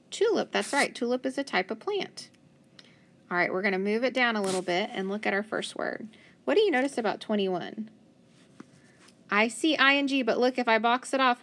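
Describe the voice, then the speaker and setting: A woman's voice: on the high side, a bit bright. A woman teaching a children's phonics lesson, patiently sounding out syllables and praising answers. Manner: slow, patient, sounding words out. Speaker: reading teacher.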